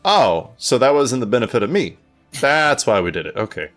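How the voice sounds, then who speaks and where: A man running a tabletop game as game master, animated and playful, swearing when rolls go badly. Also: mid-range voice, fairly quick, soft background music.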